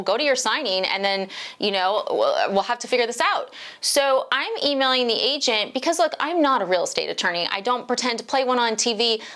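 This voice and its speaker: A middle-aged woman, a mortgage loan officer, telling a true story to camera in an animated, exasperated way. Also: on the high side. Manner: animated, exasperated, talks straight to viewers.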